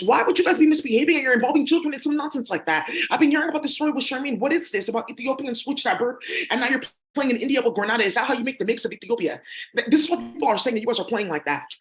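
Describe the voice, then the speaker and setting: A woman vlogger talking straight to her viewers in a rambling, accusatory monologue full of ums and uhs. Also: fairly high pitch. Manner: rambling and accusatory, heavy with fillers. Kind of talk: rambling direct-to-camera monologue.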